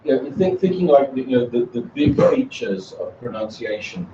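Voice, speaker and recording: Halting man leading a workshop. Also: mid-range voice, big pitch swings, warm tone, a little hiss or hum. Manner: halting, repeats words often. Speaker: teacher trainer. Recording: roomy, distant, dull recording.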